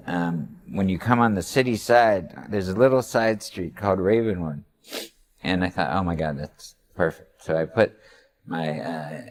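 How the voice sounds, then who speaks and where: A man, a screenwriter, thoughtfully reminiscing in an interview. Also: deep voice. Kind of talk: reflective interview.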